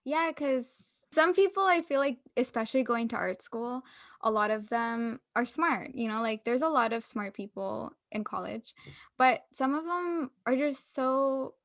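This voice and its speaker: Young woman podcast cohost, upbeat and chatty, laughs a lot, bit high voice, dry close mic. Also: a little slow, a bit bright, dry recording. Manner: upbeat, explanatory, laughs often. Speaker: podcast co-host. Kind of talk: casual chat.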